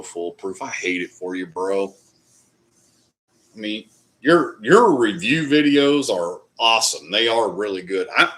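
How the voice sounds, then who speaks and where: A man's voice: low voice, sharp tone. A man hosting a casual live stream, chatting loosely with viewers and swearing now and then. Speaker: livestream host. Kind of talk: casual live chat reading comments.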